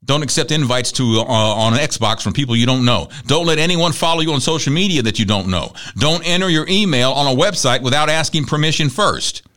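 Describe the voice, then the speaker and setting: A middle-aged man hosting a talk show, telling stories in a chatty, animated way and acting out the people he quotes. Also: mid-range voice, brisk, hardly any pauses. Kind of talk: conversational monologue.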